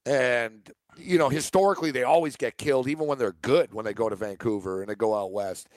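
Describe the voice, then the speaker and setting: A man's voice: medium pitch, fairly quick, no room sound. A man co-hosting a sports betting radio show, brash and opinionated in casual chat. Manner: brash, opinionated, talks over his co-host.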